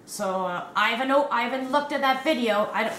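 A Canadian woman in her fifties, a crochet vlogger, chatting casually on camera and gushing with excited, breathless giggles. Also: on the high side, brisk, a little hiss or hum. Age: 50s. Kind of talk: casual vlog unboxing. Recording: echoey room.

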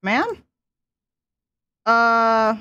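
A woman's voice: a little high, lively intonation, extremely slow, bright, forceful tone, clean tone, dull audio. A woman in her twenties hosting a casual gameplay commentary, chatty and giggly, talking to her characters as she plays. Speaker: let's play host.

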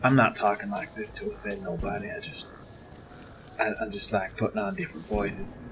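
A man's voice: on the low side, steady tone, normal speed. Male let's-play commentator, casual and jokey, easily spooked, noisy background hum. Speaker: gameplay commentator.

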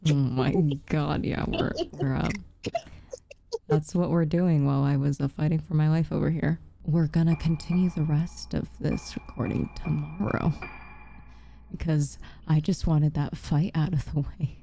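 A woman's voice: low voice, fairly even intonation, measured pace, vocal fry, warm tone, slight background noise. A young woman giving casual, exasperated commentary while playing a game, swearing constantly. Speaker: let's play gamer.

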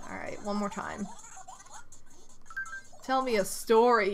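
A woman streamer giving casual commentary over a game, reading lines aloud and breaking into loud exasperated outcries. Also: medium pitch, steady tone, normal speed, pauses often, soft background music.

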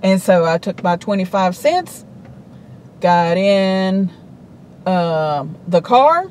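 A woman's voice: lowish voice, animated, takes it slowly, a little mellow, a little hiss or hum, low-quality recording. A middle-aged woman telling a story to her vlog in a chatty, indignant way. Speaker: vlogger. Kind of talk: casual storytelling.

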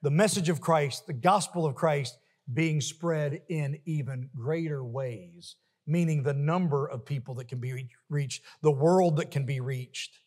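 Guy preaching in a church, high voice, long echoey reverb, gets loud and punchy on repeats. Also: measured pace. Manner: emphatic, rising to forceful peaks with repeated refrains. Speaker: pastor. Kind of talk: sermon. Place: church sanctuary.

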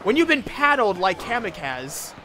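A man's voice: high-pitched, very animated, moderate pace, heavy background noise. A man hosting a casual gaming stream, joking and teasing his co-player in playful banter. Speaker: stream host.

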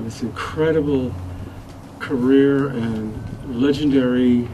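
An older man offers a halting, heartfelt tribute to a gathered audience, restarting his sentences as he goes. His voice sits at an ordinary pitch and sounds distant from the microphone. A clear noise floor runs beneath it. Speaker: old friend giving a memorial tribute. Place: memorial gathering room. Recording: distant mic with steady noise.

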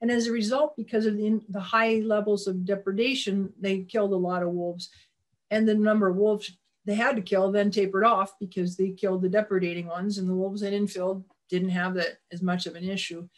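A woman's voice: mid-range voice, little pitch movement, a little fast. Folksy woman giving a slide talk. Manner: conversational, with frequent restarts and calls for the next slide; folksy, plainspoken. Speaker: wildlife presenter.

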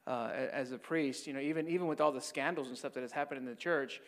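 Reverberant priest telling stories. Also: male voice, mid-range voice, fast talker. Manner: conversational, frequent "right?" tags. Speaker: Catholic priest. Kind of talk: mission talk with storytelling.

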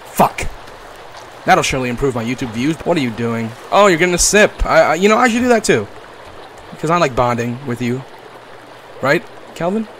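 A young man giving comedic gameplay commentary, playful and crude, swinging from mock-tender talk to yelling and swearing. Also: on the high side, lively intonation, normal speed, pauses often, slight background noise. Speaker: gaming YouTuber.

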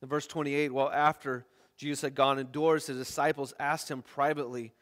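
A man's voice: mid-range voice, little pitch movement, fairly quick, a bit bright. Guy preaching a sermon, earnest, stumbles and restarts, long church echo. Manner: earnest, reads scripture aloud with repeated restarts. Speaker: pastor.

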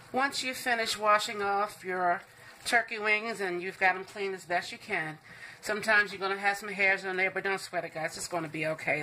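A woman's voice: medium pitch, sharp tone, a little hiss or hum. A woman hosting a home cooking show, walking viewers through a recipe in a chatty, reassuring way and calling them "guys".

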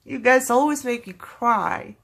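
A woman's voice: on the high side, unhurried, gravelly. A woman from Germany, talking candidly and apologetically while opening mail, fighting back tears. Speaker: craft vlogger opening mail.

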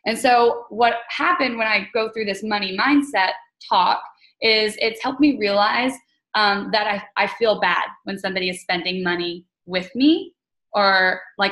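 A young woman speaks on a video call, sharing her own story with her team. She talks casually and candidly, backing up and restarting often with plenty of fillers. Her pitch sits in the ordinary middle range for a woman. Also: normal speed, fairly bright tone, poor audio. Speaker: team leader on a group call.

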